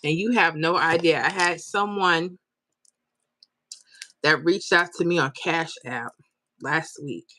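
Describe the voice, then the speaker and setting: A lower-pitched woman hosts a live stream and chats straight to her viewers. She is open and emotional as she reads out comments. The sound is dry and close, with no room around it. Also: slow pace, pauses often, bright, forceful tone, no room sound. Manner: emotional, tearful at times, talks straight to viewers. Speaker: lottery numbers YouTube host.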